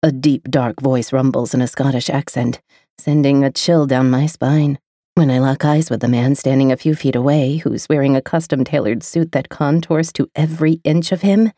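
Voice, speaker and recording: A woman reading a first-person romance audiobook with an intimate, expressive delivery. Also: low-pitched, no echo, clean studio sound. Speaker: audiobook narrator.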